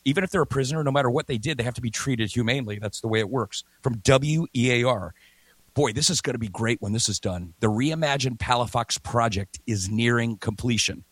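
A man's voice: medium pitch, brisk, dry recording. Guy hosting morning talk radio, punchy and chatty, dry close sound. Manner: energetic, chatty, emphatic repetition. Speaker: radio talk show host. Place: remote broadcast from a hotel or home setup.

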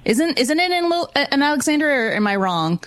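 A woman from New Orleans, a paranormal investigator guest on a call-in show, who laughs easily and talks in an animated way. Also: sits high, brisk, no room sound. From New Orleans, Louisiana. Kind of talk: radio call-in chat.

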